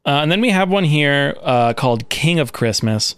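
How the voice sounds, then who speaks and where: A man's voice: fairly high pitch, lively intonation, normal speed, a bit bright, slight background noise. A man hosting a casual comedic podcast, rambling and joking with lots of fillers as he presents a slideshow.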